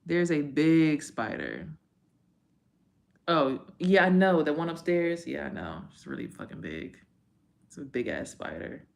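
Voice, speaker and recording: A woman's voice: low voice, big pitch swings, moderate pace, vocal fry. A woman hosting a casual livestream as a tarot reader. She talks in a loose, rambling and profane way, full of slang and side remarks to viewers.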